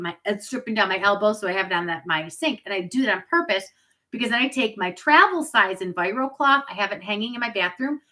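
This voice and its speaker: A woman's voice: mid-range voice, bright, forceful tone, poor audio. A woman in her forties hosting a live product demo on webcam, chatty and upbeat, with asides to her viewers. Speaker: product party host.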